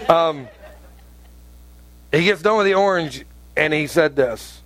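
A pastor preaching a conversational sermon, telling stories and rising to emphatic outbursts. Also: male voice, a little high, a little slow, long pauses, fairly bright tone, dry recording.

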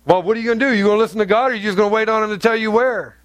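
A man's voice: high voice, racing, dry recording, lightly acted. A man putting on the voice of an exasperated older wife who fires incredulous questions at her husband.

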